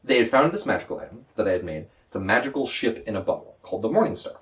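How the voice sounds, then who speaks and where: A man as a podcast guest, a Dungeon Master telling an animated, excited game story with lots of quick restarts. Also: lowish voice, recorded from a distance.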